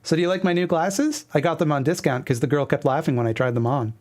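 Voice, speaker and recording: A man's voice: fairly high pitch, fast talker, darkish tone, close to an everyday voice. A man voicing a cheery, overly polite young woman in a webcomic reading. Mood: chirpy. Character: cheery sweet-natured young woman, upbeat.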